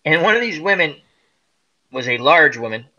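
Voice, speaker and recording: A man's voice: fairly high pitch, moderate pace, muffled recording. A middle-aged man hosting a casual group chat, animatedly telling stories and acting out the people in them. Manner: animated storyteller, acts out quoted people. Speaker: host.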